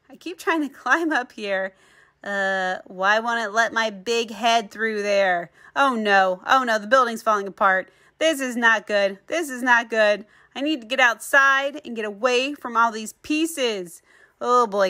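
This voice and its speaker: Bright, excitable woman narrating gameplay. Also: on the high side. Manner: excitable, chatty, exclaims often. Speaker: gaming channel host. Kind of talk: playful gameplay commentary.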